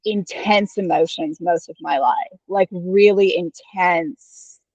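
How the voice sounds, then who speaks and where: A woman's voice: fairly low pitch, takes it slowly, darkish tone, no echo. A woman talking openly and chattily about her life, with lots of fillers like "like" and "you know". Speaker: guest having her chart read. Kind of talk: casual personal talk. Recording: slightly dull, lo-fi sound.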